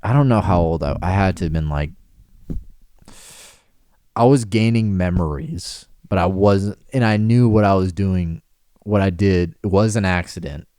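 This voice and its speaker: A man's voice: sits low, normal speed, darkish tone, smooth, no room sound. A man hosting a podcast, telling a childhood story in casual chat, laughing often and acting out voices. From Mexican heritage. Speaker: podcast host.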